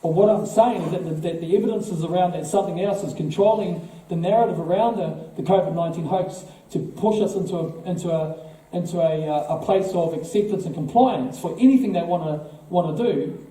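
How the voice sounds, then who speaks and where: A man with a New Zealand accent addresses an audience, pressing his points with rhetorical questions and repeated words. His voice sits fairly high yet sounds very dark and mellow. It is recorded from a distance in a large hall with heavy echo. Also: fairly quick. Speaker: political party speaker. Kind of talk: speech to a live audience. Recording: echoey hall, voice from far off.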